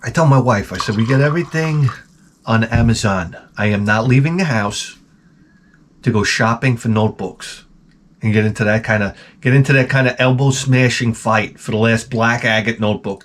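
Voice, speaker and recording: A man's voice: mid-range voice, normal speed. A man hosting his channel, telling rambling comic stories full of swearing and muttered asides. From United States. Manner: profane, animated, drops to mutters for asides. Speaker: channel host. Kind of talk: rambling comedic storytelling.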